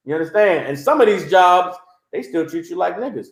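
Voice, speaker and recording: A man preaches on a livestream in a high, light voice. He talks in an animated, mocking way and keeps checking in with his listeners. The sound is roomy and echoing. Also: fairly quick, vocal fry. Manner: animated, mocking, repeats "You understand?". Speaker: religious teacher.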